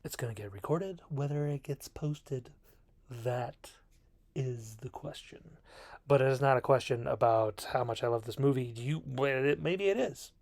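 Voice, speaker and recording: A man's voice: medium pitch, fairly even intonation, normal speed, a little mellow, no echo. Rambling, self-mocking man reviewing a film. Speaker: video reviewer. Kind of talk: casual film review monologue. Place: bedroom.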